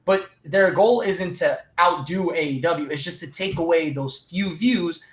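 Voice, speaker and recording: A man's voice: fairly high pitch, measured pace, roomy sound. A man co-hosting a podcast, explaining his view point by point in casual chat over a remote call. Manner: explaining, reasoned. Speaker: podcast co-host.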